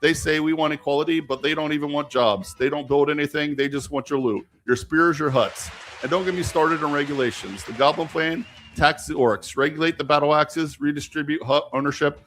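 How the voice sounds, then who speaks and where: A man's voice: on the high side, fairly quick, a bit bright, close to an everyday voice. A man voicing a boastful male orc ruler who brags in short punchy phrases, in his own voice. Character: boastful blustering male orc ruler giving a rally speech.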